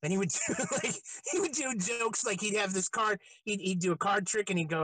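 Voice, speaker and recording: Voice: medium pitch, brisk, fairly bright tone, no room sound, poor audio. A podcast host chatting casually with a guest, loose and profane, laughing often between remarks. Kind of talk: casual interview chat.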